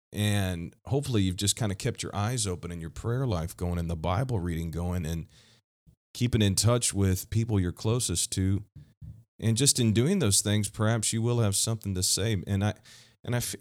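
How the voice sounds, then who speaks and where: A man in his thirties, a pastor hosting a podcast, talking unscripted in a candid, rambling way with frequent restarts. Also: fairly low pitch. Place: Kansas City, USA.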